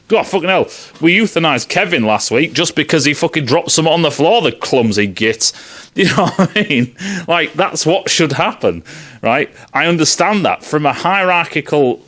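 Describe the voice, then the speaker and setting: A man tears into a film with mocking sarcasm and constant swearing. His pitch sits a touch high and jumps around in lively swings. He sounds like he's venting to a friend rather than presenting. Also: moderate pace. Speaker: film reviewer. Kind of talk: ranting casual film review.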